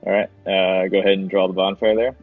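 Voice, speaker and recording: A man's voice: deep voice, level tone, fast talker. A man narrating as game master in a tabletop game, rambling with restarts and fillers. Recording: dull lo-fi with faint music.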